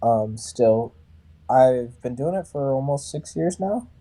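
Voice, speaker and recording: Male, thirties, singer from California, warm mellow tone, talks in lively anecdotes and acts out the other voices. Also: medium pitch, slow pace. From Sacramento, California. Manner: animated, acts out other people's lines. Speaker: metalcore band vocalist and barber. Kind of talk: casual storytelling in a podcast interview.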